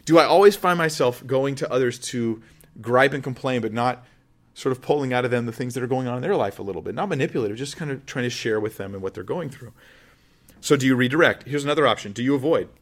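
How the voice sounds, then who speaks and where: Brief: pastor, man, mid-pitch, earnest, conversational Bible teaching with questions to the listeners. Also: fast.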